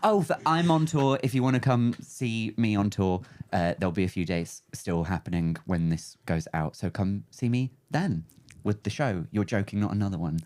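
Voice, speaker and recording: A woman's voice: very deep voice, animated, normal speed, hardly any pauses, a little mellow, slight background noise. A woman hosting a podcast, telling stories and teasing her guest with dry humour. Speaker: podcast host. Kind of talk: casual chat.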